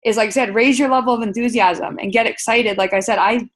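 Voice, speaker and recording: A woman's voice: a little high, quick pace. A woman leading a webinar sales training, speaking in an upbeat, coaching way with many fillers and repeated words.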